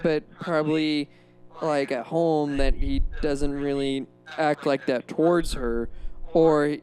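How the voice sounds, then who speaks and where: Halting young man talking films. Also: fairly high pitch, fairly even intonation, a little mellow, soft background music. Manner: halting, restarts often. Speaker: film review panelist. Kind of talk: casual film discussion.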